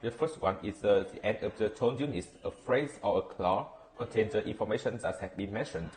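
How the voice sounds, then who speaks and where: A man with a Vietnamese accent reading a class presentation on intonation, halting with fillers and self-corrections. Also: on the low side, darkish tone. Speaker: student presenter.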